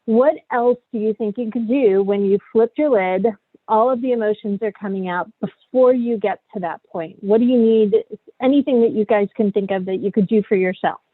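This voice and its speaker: A middle-aged woman with a husky, medium-pitched voice coaches parents in an online workshop, speaking at a normal speed. She's frank and conversational, often ending a point with "right?" The audio is dry and close with no echo, coming through a tinny, phone-like line.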